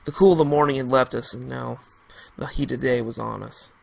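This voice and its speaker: Gravelly man narrating a story. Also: mid-range voice, fairly even intonation. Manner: halting, with restarts.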